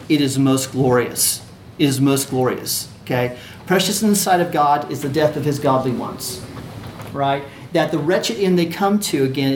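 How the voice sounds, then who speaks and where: A man teaching a class on a religious allegory, talking conversationally, repeating phrases and checking in with his listeners. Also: on the high side. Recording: echoey room with faint ambient noise.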